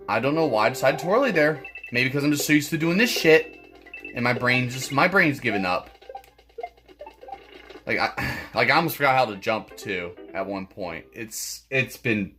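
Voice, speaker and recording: With a medium-pitched, sharp-toned voice, a man narrates his own gameplay for his gaming channel. It's a let's play full of frequent cursing, with stammering each time he has to restart.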